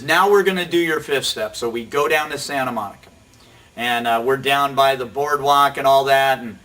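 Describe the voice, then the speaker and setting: A man's voice: on the high side, sharp tone, recorded from a distance. A middle-aged man casually telling a rambling, self-deprecating story as host of a recovery show. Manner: rambling, self-deprecating, quotes people in quick asides.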